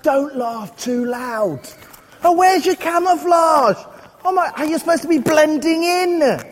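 A man playing a frightened Israelite villager hiding in a cave, talking to children in a nervous, hushed way. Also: extremely high pitch, normal speed, voice pushed up. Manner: jittery, hushed then calling out to children. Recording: echoey hall, faint noise.

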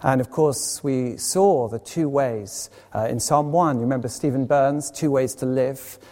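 A man preaching an evening sermon as a lay speaker, earnest and anecdotal with quick asides. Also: medium pitch, mellow, big-room sound. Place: church, evening service.

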